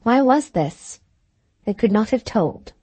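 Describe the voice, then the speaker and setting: A woman narrating a classic novel as an audiobook in a steady, measured reading. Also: fairly high pitch, breathy edge, no room sound.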